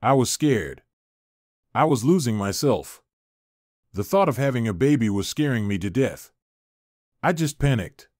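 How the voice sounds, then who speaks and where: A man's voice: mid-range voice, big pitch swings, measured pace, long pauses, a little mellow, no echo, clean studio sound. A man reading the lines of a young estranged wife, heated and pleading, in a story reading. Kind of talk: audiobook character reading.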